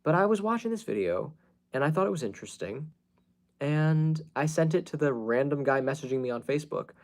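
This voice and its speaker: A man's voice: fairly high pitch, lively intonation, brisk, a little mellow. A man ranting casually to camera as a vlogger, blunt and frank, swearing freely and talking with many fillers and restarts. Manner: earnest and self-advising.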